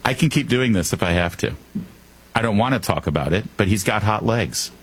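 A man's voice: lowish voice, expressive, fairly quick, husky. A man hosting a talk radio show, delivering a comedic monologue full of sarcastic jokes and wry asides.

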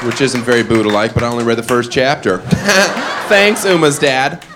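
A man doing a stand-up comedy set, mostly deadpan one-liners broken by sudden loud shouted character voices. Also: medium pitch, moderate pace, noisy background. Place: comedy club stage before a live audience. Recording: live club recording with loud crowd.

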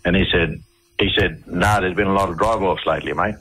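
Australian man, radio guest. Low, husky voice; halting, rambling delivery full of fillers. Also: fairly bright tone, rough recording. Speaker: interview guest. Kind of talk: casual radio interview storytelling.

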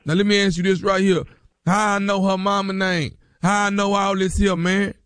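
A man's voice: high voice, flat delivery, moderate pace, background noise, natural voice. A man playing a jailed caller in a radio prank, talking in an insistent, threatening, slangy way. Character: jailed man calling about his girl.

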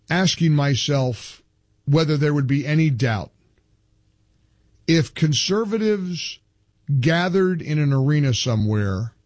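A man's voice: on the high side, dry recording. A male talk show host giving emphatic opinion commentary, reading from articles and building into indignant outbursts.

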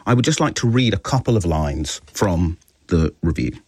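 A man's voice: deep voice, normal speed, husky, dry recording. A man who is a journalist on a radio panel, arguing heatedly and cutting in to press his point. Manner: animated, interrupts forcefully.

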